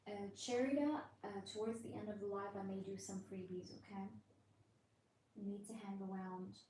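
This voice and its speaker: A woman giving a live tarot reading, talking straight to her viewers in a chatty, reassuring way and keeping her voice low late at night. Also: steady tone, moderate pace. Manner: keeps voice low, drops to a whisper at times. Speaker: tarot reader. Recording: roomy echo, faint background noise.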